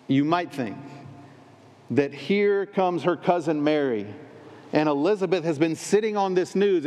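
A man's voice: a little high, a little mellow. A male pastor preaching a sermon with emphatic, repeated phrases in threes. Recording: long reverb in a large hall.

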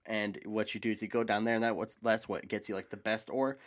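A man co-hosting a casual chat, rambling excitedly and swearing casually. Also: lowish voice, a little fast. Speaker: podcast co-host.

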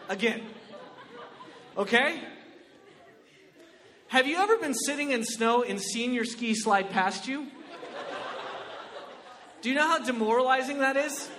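A male comedian telling a stand-up story in an animated, exclamatory way, often asking "right?". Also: very high voice, a little slow, pauses often, big-room sound, noisy background.

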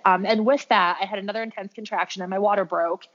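A woman's voice: mid-range voice, steady tone, fast, few pauses, a bit bright. Chatty woman telling a personal story. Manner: chatty, heavy use of "like" and "um". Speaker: podcast guest sharing her birth story; birth worker with clients. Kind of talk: casual storytelling. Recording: dull lo-fi recording.

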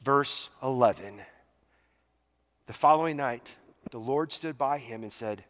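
A man preaching a sermon in a casual, animated way, acting out the scenes he retells. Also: mid-range voice, measured pace, pauses often, big-room sound. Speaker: pastor.

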